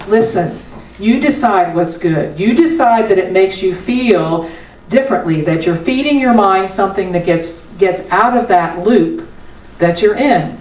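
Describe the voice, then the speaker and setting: Speaking a little slowly in a medium-pitched, darkish voice, a spiritual teacher delivers a sermon in a conversational yet emphatic manner, laughing a little at times. The recording is distant, capturing the roomy spiritual center hall she speaks in.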